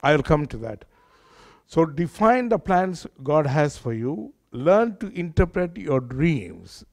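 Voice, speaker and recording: A man preaching, his voice sitting a little high for a man. He talks earnestly and conversationally, stopping to ask his listeners questions as he goes. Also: big pitch swings, takes it slowly, a little mellow. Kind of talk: sermon.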